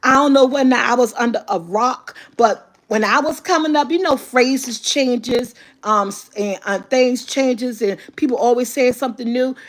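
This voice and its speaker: Vlogger, woman in her fifties, fairly high voice; candid, emphatic motivational chat with plenty of swearing. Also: moderate pace, few pauses. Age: 50s. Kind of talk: casual motivational talk.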